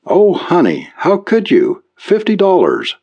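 A heartbroken mother, crying and pleading in a voice pitched high above her reader's own, as a man narrator puts her on. The reading is a lively audiobook telling. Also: measured pace, highs cut off, heavily acted. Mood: sobbing. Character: sobbing middle-aged mother, heartbroken and pleading.

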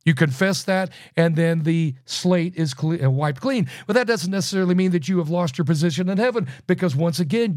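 A man teaching through a Bible book verse by verse, emphatic, with loud bursts and low asides. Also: expressive, a little fast, hardly any pauses, no echo, studio quality.

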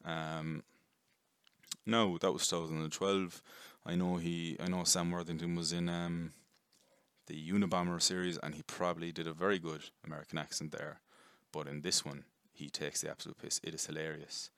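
A man's voice: low voice, flat delivery, normal speed, a bit bright, clean tone, no echo. A young man rambling casually through a jokey film review, swearing and correcting himself often.

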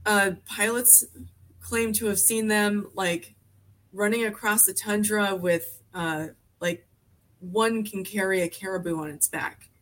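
A woman's voice: medium pitch, steady tone, a little slow, a bit bright. A woman in her forties, a podcast guest from Alaska, chatting in a rambling way full of fillers and restarts. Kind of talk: casual conversation.

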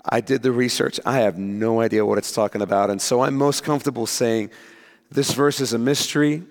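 A male pastor preaching to his congregation in an emphatic, deliberate way, drawing out the words he wants to land. His voice sits in a middle register and rings out with a long reverb off the walls of a church hall. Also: medium pitch, fairly even intonation. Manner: emphatic, slows down to stress key words. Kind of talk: sermon.

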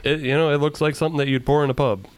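A man's voice: on the high side, steady tone, rapid-fire, clear, resonant tone, no room sound. A man co-hosting a casual beer podcast, teasing and blunt, laughing often. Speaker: podcast co-host. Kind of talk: casual beer-tasting chat.

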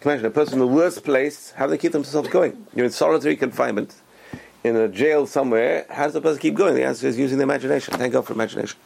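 A man's voice: mid-range voice, rapid-fire, gravelly, darkish tone, slightly rough. A man giving a spoken religious talk as a teacher, enthusiastic and repeating words for emphasis.

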